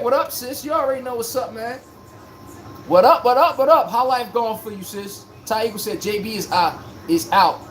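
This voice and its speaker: His voice sits high, and a little background noise comes through as he hosts a live-streamed basketball talk show. Animated and blunt, he uses slang and addresses his chat directly, answering their comments.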